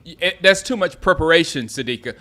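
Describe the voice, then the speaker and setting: Excitable man calling plays, bright voice. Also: fairly high pitch, fast. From South Carolina. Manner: excitable, reacts loudly to plays; chatty, answers viewers by name. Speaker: host. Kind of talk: live game watch-along commentary.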